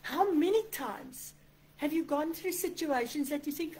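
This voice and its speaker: A woman's voice: sits high, lively intonation, moderate pace, warm tone, rough recording. A woman pastor, preaching an online sermon in an earnest, conversational way, often voicing quoted prayers. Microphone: computer microphone.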